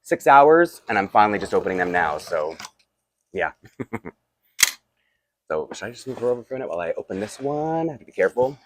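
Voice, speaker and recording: A man's voice: lowish voice, sing-song, fairly quick, pauses often, noisy background. A tired, groggy man, chatting casually and rambling with asides while unboxing toys for his vlog. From Canada. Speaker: toy collector vlogger.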